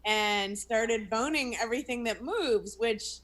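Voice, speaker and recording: A woman's voice: a little high, a little slow, a bit bright. A young woman comedian, a guest on a video call, telling a personal story frankly with self-mocking asides. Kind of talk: candid interview storytelling.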